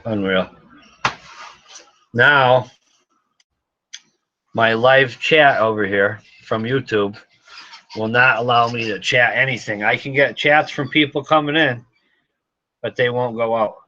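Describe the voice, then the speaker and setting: Male livestream host, casual chat, repetitive exasperated muttering; mid pitch, muffled lo-fi recording. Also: takes it slowly, long pauses, bright, forceful tone. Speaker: gun shop livestream host. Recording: slightly dull lo-fi sound.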